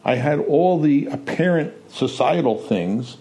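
A man's voice: on the high side, lively intonation, unhurried, warm tone. A man candidly reflecting on his own recovery, growing emphatic at points. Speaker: panelist. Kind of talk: personal testimony in a talk show.

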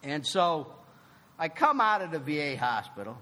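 A man giving a personal recovery testimony, animated and emphatic, acting out both sides of a conversation. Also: a little high, normal speed, big-room sound. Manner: emphatic, swings from loud to soft. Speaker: recovery meeting speaker.

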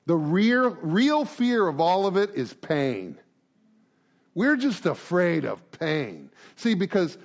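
A man's voice: sits high, takes it slowly. A middle-aged man giving an informal recovery group talk, acting out little conversations and tagging lines with "right?" and "man". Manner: animated, acts out conversations, frequent "right?" and "man".

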